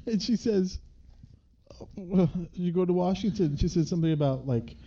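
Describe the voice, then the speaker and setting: A man's voice: high-pitched, normal speed, warm tone, highs cut off, a little hiss or hum. A man co-hosting a podcast in casual chat, jokey and interjecting, laughing a lot. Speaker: podcast co-host.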